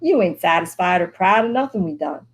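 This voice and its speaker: A woman reading the part of a stern, weary older mother, speaking earnestly with her pitch lifted above her usual voice. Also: lively intonation, a little fast. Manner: earnest, pleading, dialogue read with a lifted pitch.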